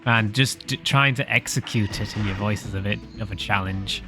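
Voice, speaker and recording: A man's voice: lowish voice, normal speed, over music. A man chatting casually and teasing his friends while they play a game. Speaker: gameplay commentator. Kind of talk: casual chat.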